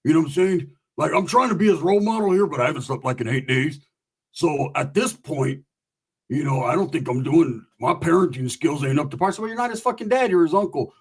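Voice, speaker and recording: A man's voice: on the high side, lively intonation, a little fast, slightly rough. A man telling a rambling, crude comic story in a laid-back, profane way. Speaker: comedian.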